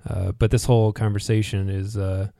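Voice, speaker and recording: A man co-hosting a podcast in a casual chat, animated and acting out characters' lines as he recaps. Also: lowish voice, normal speed, creaky, dry recording, clean studio sound. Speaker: podcast co-host.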